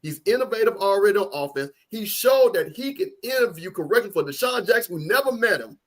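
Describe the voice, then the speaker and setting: A man with a notably high speaking voice co-hosts a casual sports talk show. He drives his points home emphatically, repeating lines for stress. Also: big pitch swings, fairly quick, a bit bright. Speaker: co-host.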